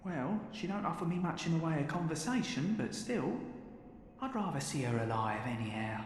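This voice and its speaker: An actor doing a weary, kindly male townsman from a dark video game, folksy and plainspoken, with a mid-pitched voice that rises and falls freely. The line sits in a roomy, reverberant space over a steady noise bed. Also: moderate pace, close to an everyday voice. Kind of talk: video game character dialogue.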